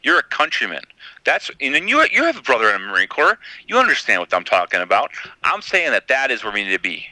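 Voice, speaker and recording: A man's voice: medium pitch, huge pitch swings, quick pace, pushed and bright, dry recording, low-quality recording. Blunt, swearing man in a heated debate. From United States. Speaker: podcast host.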